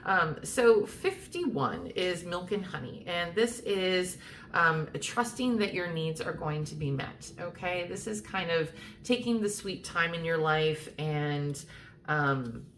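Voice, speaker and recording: A woman's voice: lowish voice, lively intonation, slow pace, fairly bright tone, a little hiss or hum. A woman giving a casual tarot card reading, chatty and reassuring, talking straight to the viewer with many fillers and restarts. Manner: reassuring, speaks directly to viewer. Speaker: tarot reader.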